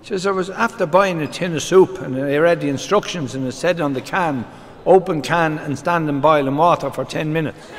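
Live on stage, this fairly high-voiced man from Ireland tells jokes at a brisk clip, rattling off quoted exchanges punctuated by "he says." The venue echoes and has background noise.

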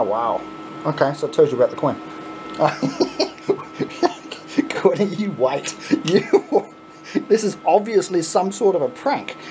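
A middle-aged man with an Australian accent hosting a casual unboxing vlog, excitable and chuckly, swearing freely. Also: medium pitch, slight background noise. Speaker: coin pusher channel host.

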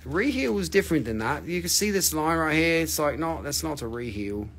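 A man's voice: a little high, very animated, a little fast, a bit bright. A man hosting a live crystal sale, chatting casually, teasing viewers and swearing freely. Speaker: livestream crystal seller. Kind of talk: casual live sales chat.

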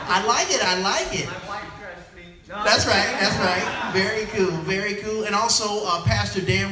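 A man's voice: high voice, moderate pace. A middle-aged man performing a clean stand-up comedy set at a conference, doing playful crowd work and acting out voices. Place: conference hall with a live audience. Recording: echoey hall, voice from far off, crowd audible.

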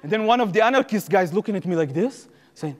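A man's voice: high voice, expressive, fast, darkish tone. A young man with an Israeli accent, giving a talk to an audience and telling a first-person story vividly in the present tense. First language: Hebrew. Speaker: speaker at a public talk. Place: lecture hall before an audience. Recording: reverberant hall.

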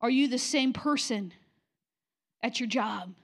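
High-voiced woman pastor preaching bluntly. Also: a little slow. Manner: direct, confrontational preaching with mocking quoted voices. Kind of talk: sermon. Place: church sanctuary.

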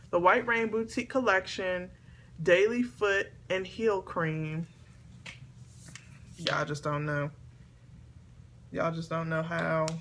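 A woman chatting excitedly to camera as she opens gifts, talking to her viewers at home. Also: sits low, noisy background. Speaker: beauty vlogger. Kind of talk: casual unboxing chat to camera. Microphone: camera on a tripod.

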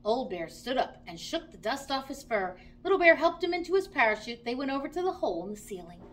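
A woman reading a children's story aloud, in an animated, expressive way. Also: high voice, fast talker.

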